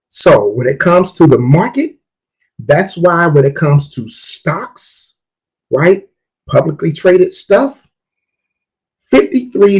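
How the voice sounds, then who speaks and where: Husky-voiced man preaching about investing. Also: mid-range voice, darkish tone, poor audio. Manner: emphatic, preachy, repeats for emphasis. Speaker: podcast host. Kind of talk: casual podcast talk on investing.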